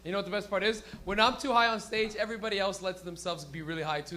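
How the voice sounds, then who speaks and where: A man's voice: high voice, steady tone, fast, bright, forceful tone. A young man hosting a stand-up comedy show, rambling and giggling through stoned banter with a live crowd. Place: small comedy stage with live audience.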